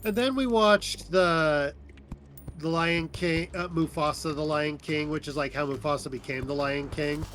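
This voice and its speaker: Male streamer, casual banter, slightly higher voice, animated retelling, faint background music. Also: a little slow. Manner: animated storyteller, quotes lines. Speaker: streamer co-host. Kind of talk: casual chat while gaming.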